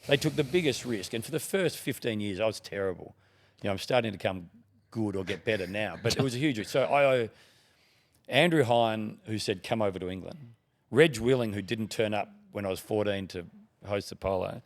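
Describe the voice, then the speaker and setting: In a low, gravelly voice and at a brisk clip, a middle-aged Australian TV broadcaster guesting on a show tells long, wandering anecdotes. His storytelling is casual, and he acts out snippets of the conversations he describes.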